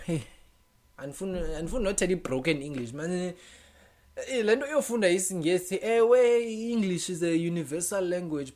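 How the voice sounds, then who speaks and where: A young man with a Xhosa South African accent, talking through a casual, animated opinion vlog, often switching languages in mid-sentence and laughing as he goes. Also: high voice. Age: young adult. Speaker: vlogger.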